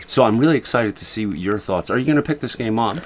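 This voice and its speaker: A man co-hosting a casual gaming chat, with a fairly low voice. He gives blunt, dismissive opinions and often restarts his words mid-sentence. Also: lively intonation, fast, slight background noise. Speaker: podcast co-host.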